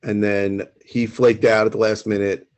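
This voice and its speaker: A man co-hosting a podcast who jumps in with quick, plainspoken questions and tells his own story. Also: lowish voice, little pitch movement, darkish tone. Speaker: podcast co-host. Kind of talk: casual chat.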